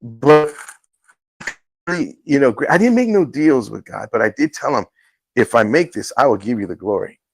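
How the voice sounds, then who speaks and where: Fields: Sex: man. Role: talk show host. Style: casual testimony chat. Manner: earnest, halting, acts out quotes. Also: mid-range voice, sing-song, creaky, husky, no room sound, low-quality recording. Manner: earnest, halting storytelling with restarts.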